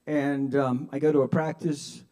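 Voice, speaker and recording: An older man doing a self-mocking stand-up set at an open mic, shifting between mumbled asides and loud punchlines. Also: mid-range voice, little pitch movement, a little slow. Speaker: stand-up comedian. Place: open mic at a kava bar.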